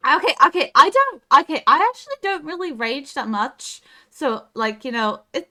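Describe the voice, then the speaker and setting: A young woman streaming a game in casual chat, excitable and giggly, yelping when startled. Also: sits high, normal speed, few pauses.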